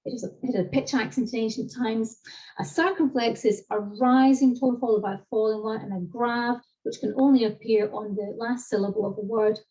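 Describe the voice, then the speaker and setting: Lively woman lecturer on a video call. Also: on the high side, fairly quick. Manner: lively, explanatory, addresses participants directly. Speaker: classics lecturer. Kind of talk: online seminar teaching. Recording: distant, dull lo-fi video call audio.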